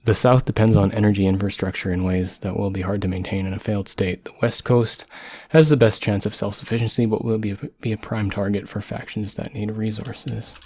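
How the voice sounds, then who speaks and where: A man from Canada reading text aloud with halting, self-correcting delivery and apologetic spoken asides, his voice going hoarse, close to the microphone. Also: on the low side, steady tone, a little mellow. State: voice going hoarse from long talking. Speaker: solo podcaster. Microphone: microphone close to the mouth.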